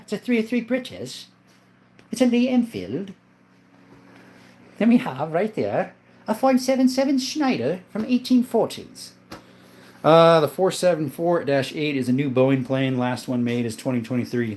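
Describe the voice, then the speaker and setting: A man hosting a casual livestream from his home, reading viewer questions aloud and answering them one by one in a relaxed way. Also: mid-range voice. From southern Arizona. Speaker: gun channel host reading live chat. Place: indoor room full of guns.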